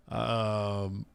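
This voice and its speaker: A man's voice: on the low side, creaky, clear, resonant tone, dry recording. Rambling male streamer chatting with viewers. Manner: rambling, reacting to chat with frequent restarts. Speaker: live streamer. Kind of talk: casual chat reading viewer messages.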